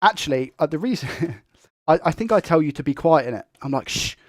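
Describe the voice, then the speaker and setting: A young man who talks fast and excitably while hosting a tech live stream and reading viewer comments. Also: fairly high pitch, no room sound, studio quality. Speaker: tech livestream host.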